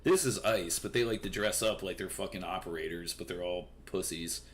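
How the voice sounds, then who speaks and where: Young male streamer with a deep voice, swearing and rambling through news commentary over faint noise. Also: a little fast. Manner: profane, rambling, filler-heavy.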